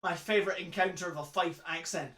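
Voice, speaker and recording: A man's voice: high-pitched, steady tone, fast, pushed and bright, far from the mic, a little hiss or hum. A man co-hosting a comic live reading of a novel, playful and laughing between passages. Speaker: co-host reading a novel aloud. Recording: roomy echo.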